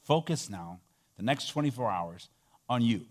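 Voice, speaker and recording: A middle-aged man delivers a sermon in a mid-range voice, building to loud emphatic peaks and then dropping to soft, hushed lines. He leads his congregation in call-and-response, having them repeat phrases back to him. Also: mid-range voice, expressive, moderate pace. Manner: dynamic preaching, swinging between loud emphatic peaks and soft near-whispered passages. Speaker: pastor.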